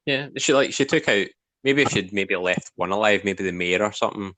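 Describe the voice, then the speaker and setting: A man's voice: lowish voice, brisk, fairly bright tone, no echo. A man co-hosting a casual review podcast, recapping scenes in a plain storytelling way. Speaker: podcast co-host.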